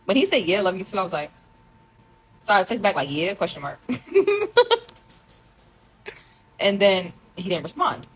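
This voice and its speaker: Reading aloud from old text messages, a young woman rambles through an emotional, confessional story in a casual vlog monologue. She has a lowish, slightly bright voice and talks fairly quickly; the recording is rough, with slight background noise.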